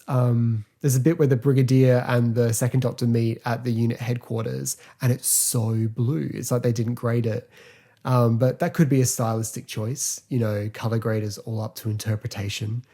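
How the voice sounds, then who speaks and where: Male podcast host, casual and rambling, warm mellow tone. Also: mid-range voice. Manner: chatty, rambling, filler-heavy, quick to laugh. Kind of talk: casual solo podcast review.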